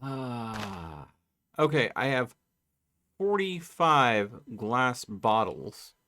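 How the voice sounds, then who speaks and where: A man's voice: medium pitch, sing-song, sharp tone. A man on a live game stream, chatting casually and thinking aloud as he plays. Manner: slow, thinking aloud while playing. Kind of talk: casual live gameplay chat.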